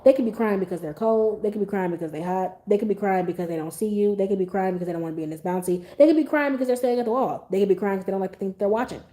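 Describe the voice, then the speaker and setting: A young adult woman hosting a podcast, talking in a casual, blunt and animated way and swearing freely. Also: mid-range voice, very fast, few pauses. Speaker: podcast host. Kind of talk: casual opinion monologue.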